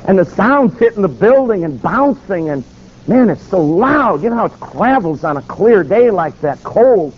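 Preaching through a story, a man uses a high-sitting voice with wide pitch swings, acting out each exchange dramatically and jumping quickly between voices. This animated sermon was captured on a dull, slightly lo-fi recording with faint noise.

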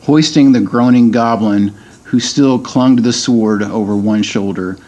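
A man's voice: mid-range voice, unhurried, warm tone, muffled recording. A middle-aged man, a podcast guest, chatting casually and reading a book aloud, hesitant with many ums and restarts.

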